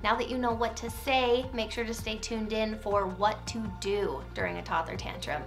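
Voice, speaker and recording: A woman who is a parenting coach, giving calm, clear, encouraging instruction and modeling phrases to say to a child. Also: medium pitch, moderate pace, over music. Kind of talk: scripted instructional talk.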